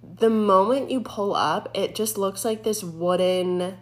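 A young woman, a former EMT, casually telling a true scary story in an animated way, full of "like" fillers. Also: medium pitch, takes it slowly. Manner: animated, heavy use of "like" fillers.

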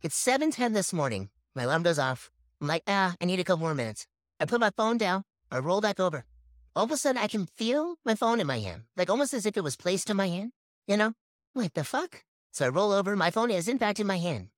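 A woman's voice: mid-range voice, sing-song, a little fast, no echo, studio quality. A woman telling a strange personal story in a casual, blunt way, swearing freely.

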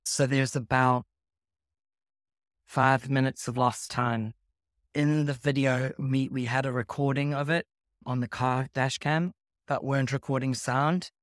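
A man's voice: mid-range voice, fairly even intonation, a little slow, no room sound, clean studio sound. A man, telling a personal story in a matter-of-fact, casual way.

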